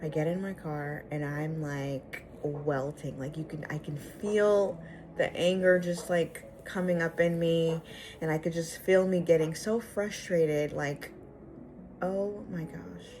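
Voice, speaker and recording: A woman's voice: low-pitched, unhurried, faint music behind. A young woman vlogger telling a personal story casually, acting out the dialogue with exasperated asides. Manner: animated, acts out the dialogue.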